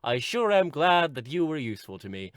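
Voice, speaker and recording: A man's voice: a little high, very animated, fairly quick, no echo, studio quality. A man voicing a peppy, sarcastic teenage girl heroine in a mocking, sing-song way. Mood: mock sincere.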